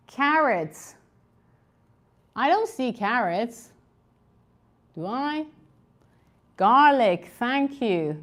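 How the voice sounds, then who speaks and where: A woman teaching an online English conversation class, encouraging and repeating words slowly for learners over a video call. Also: on the high side.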